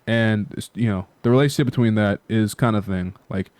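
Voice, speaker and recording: A man with a fairly low, smooth voice rambles through a casual chat and leans on fillers. He swears offhandedly. The sound is dry and close. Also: brisk, a little mellow, no echo. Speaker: channel host.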